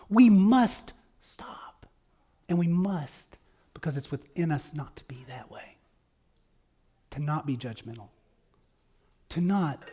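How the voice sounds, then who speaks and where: A man giving a conversational sermon at a church service, earnest and folksy, moving between loud emphasis and quiet asides. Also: on the high side, breathy edge.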